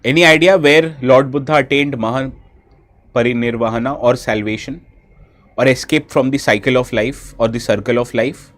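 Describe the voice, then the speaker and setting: Here a male teacher with an Indian English accent quizzes his online audience during a live exam-prep session, calling out names from the chat. His mid-range voice has a fairly bright tone at a normal speed, and he often stops to correct himself mid-sentence.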